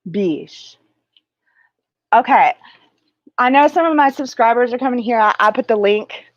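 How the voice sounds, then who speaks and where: On a muffled recording with no room sound, a woman with a voice on the high side hosts a spiritual livestream. She teaches slowly and drawn-out, chatting casually and crassly while rambling and losing her train of thought.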